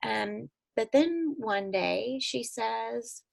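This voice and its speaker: Woman, mid-pitch, gravelly edge, earnest storyteller who jumps high for emphasis. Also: moderate pace. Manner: earnest, animated, with sudden leaps in pitch when emphatic. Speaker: guest telling her family's story. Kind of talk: personal storytelling in an interview.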